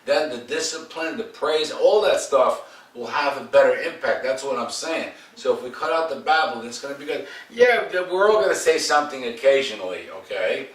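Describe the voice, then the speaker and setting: A man's voice: medium pitch, expressive, moderate pace, fairly bright tone. Dog trainer, male, blunt and joking; roomy room, distant mic, faint noise. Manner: direct, demanding, joking. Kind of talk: coaching dog owners at home. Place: home, indoors.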